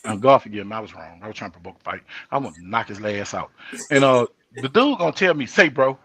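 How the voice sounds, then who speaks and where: An older man hosts a casual live talk show, speaking fast in a low, breathy-edged voice with no echo. He tells stories animatedly, acting out the dialogue of the people in them.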